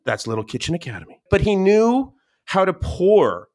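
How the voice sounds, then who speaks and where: A man, a podcast guest, telling stories in a casual, animated way, with many restarts. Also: sits high, fast. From Scottish and English family. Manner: animated, quotes people in raised voices, many restarts. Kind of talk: casual storytelling.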